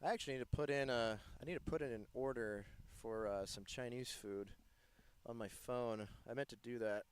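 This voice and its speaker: A man from the United States giving live play-by-play commentary in a playful, joking, excitable manner. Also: mid-range voice, normal speed, clear, resonant tone. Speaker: sports commentator.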